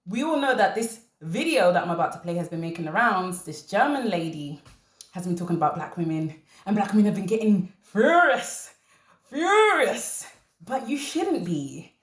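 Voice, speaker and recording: Animated woman host in an echoey room. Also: on the low side, moderate pace. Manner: animated, laughing, emphatic repetition. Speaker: commentary channel host. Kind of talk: casual commentary to camera.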